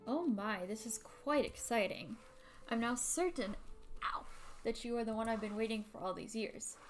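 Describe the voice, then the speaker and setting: A woman's voice: a little high, normal speed, soft background music, natural voice. A woman reading a grand, theatrical storyteller. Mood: dramatic. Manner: dramatic, addressing the reader. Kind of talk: reading game narration aloud.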